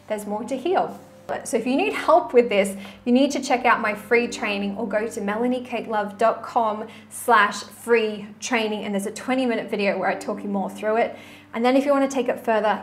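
A woman coach talking casually to camera in a vlog, with a voice pitched a little higher than most. She speaks frankly and chattily and drops in mild swear words. Faint background ambience sits under her voice. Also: a little hiss or hum. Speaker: relationship and manifestation coach.

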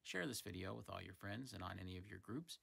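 A man's voice: deep voice, lively intonation, quick pace, creaky, bright, forceful tone, breathy edge. A man hosting his own channel, reviewing a toy in a casual, easygoing way, hedging often, and closing with a friendly sign-off.

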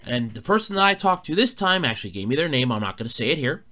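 A man's voice: medium pitch, very animated, quick pace, pushed and bright. A man hosting a casual solo podcast, telling an exasperated, swearing story, recorded in a borrowed room at a fire company. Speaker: podcast host.

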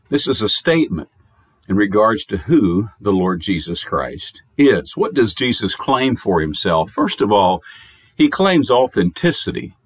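Husky, lively American pastor preaching. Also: male voice, lowish voice, no room sound. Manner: emphatic preaching with repeated phrases; reads scripture in old-fashioned wording. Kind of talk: pre-recorded sermon. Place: recorded message, dry sound.

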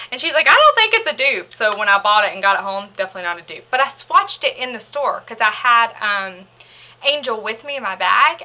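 A young woman with a sharp, mid-range voice runs through a makeup haul as a beauty vlogger. Hurrying and slightly out of breath, she gushes casually and rambles, filling her talk with fillers.

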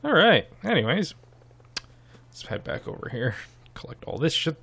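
A man's voice: mid-range voice, big pitch swings, moderate pace, creaky, a bit bright, breathy edge. A young man giving chatty, casual gameplay commentary and swearing freely. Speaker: let's play host.

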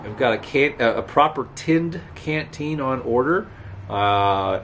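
A man vlogging outdoors by a road, rambling casually to camera with chuckles. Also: medium pitch. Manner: rambling, chatty, chuckling, talks back to passing traffic. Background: faint outdoor ambience, passing cars.

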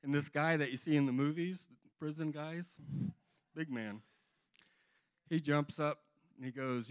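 A man's voice: a little high, moderate pace, long pauses. Earnest man telling his testimony. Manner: earnest, rambling storytelling with restarts. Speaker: church member giving testimony. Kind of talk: personal testimony to a congregation.

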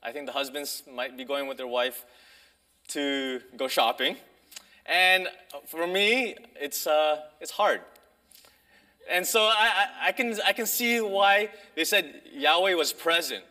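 A man delivers a sermon in a loose, conversational way, pausing and restarting as he explains. His voice sits a little high and sounds bright and forceful. He speaks in a church. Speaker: preacher. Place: church sanctuary.

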